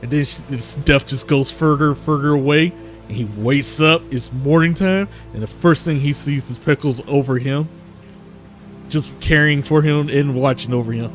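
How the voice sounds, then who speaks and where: A man's voice: on the high side, normal speed, faint music behind. A man narrating a tabletop game as game master, rambling with fillers and laughs.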